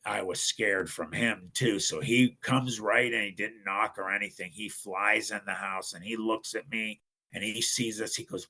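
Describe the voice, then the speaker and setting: A podcast guest from northern Ohio tells a personal story. His voice is gravelly and bright. He talks in an animated way, restarts his words, and acts out the lines of other people. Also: fairly low pitch, normal speed, poor audio. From northern Ohio, USA.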